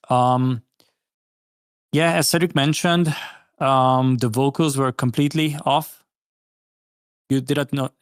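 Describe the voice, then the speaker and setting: A man talks through a listener's track in a patient, advising way, full of "you know" and small restarts. His voice sits at an ordinary middle pitch. It is recorded close and dry, with no room sound. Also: dry recording. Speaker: guest track reviewer. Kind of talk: casual spoken feedback on a music track.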